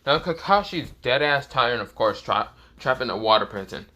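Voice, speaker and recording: A young man narrates a crude comic fan story off the cuff, full of fillers and restarts. His voice is bright. He lets it swing up and down a lot. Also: medium pitch, lively intonation, moderate pace, lo-fi sound. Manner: rambling, crude, many fillers. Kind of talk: improvised comedic story narration.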